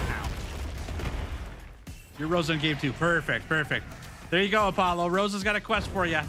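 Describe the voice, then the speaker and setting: Talking over music, a man in his thirties who streams games keeps up an easygoing conversation with his live audience. His voice is high, his mood cheerful, and laughter comes quickly.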